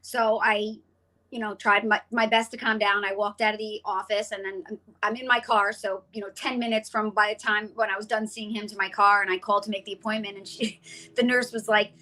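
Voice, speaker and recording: A woman in her forties with a bright, sharp voice tells her story as an interview guest. She talks with feeling and acts out the lines of the people in her story. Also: medium pitch, a little fast, rough recording. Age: 40s. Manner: animated storyteller, acts out quoted dialogue.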